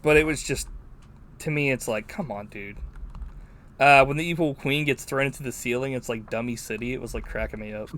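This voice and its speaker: A man hosting a podcast, chatting casually and recounting a movie in a rambling, profane, animated way. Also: mid-range voice, brisk. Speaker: podcast host. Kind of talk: casual movie-review chat.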